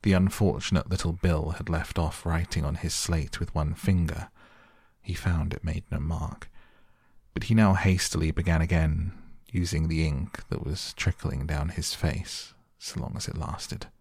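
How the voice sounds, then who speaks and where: Slow, deep, gravelly bedtime narrator. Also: male voice, steady tone, no room sound, studio quality. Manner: soft, unhurried. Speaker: audiobook narrator. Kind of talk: soothing bedtime story reading.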